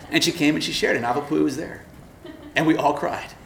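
A man's voice: a little high, fairly quick, vocal fry, echoey room, background noise. A man preaching as a campus pastor, telling a story and acting out both sides of the dialogue with laughs. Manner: animated, acts out dialogue with laughs. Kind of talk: sermon storytelling. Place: lecture room.

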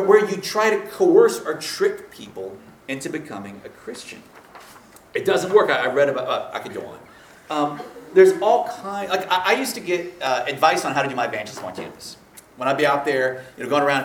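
A man telling a story in casual conversation, rambling and animated, laughing often and slipping into voices for the people he quotes. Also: a little high, a little fast, reverberant, recorded from a distance, a little hiss or hum.

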